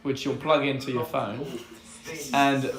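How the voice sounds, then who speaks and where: A man's voice: mid-range voice, steady tone, measured pace, crowd noise. A man co-hosting a casual race-watching stream while sick and coughing, joking and swearing bluntly. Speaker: stream co-host. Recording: roomy echo.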